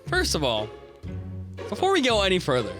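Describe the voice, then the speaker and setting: A man's voice: sits high, huge pitch swings, brisk, music in the background. A young man co-hosting a football chat show, emphatic and gloating as he makes his point. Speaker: podcast co-host.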